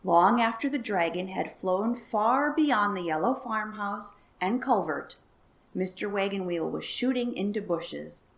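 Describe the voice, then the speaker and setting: Gravelly-voiced woman reading a storybook. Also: medium pitch, expressive, a little slow. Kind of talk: reading a children's book aloud.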